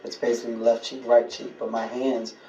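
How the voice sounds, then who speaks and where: A man's voice: mid-range voice, fairly quick, dull audio, crowd noise. A male comedian guest telling a playful talk show anecdote. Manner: animated storytelling, playful. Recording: roomy, distant, loud music over it.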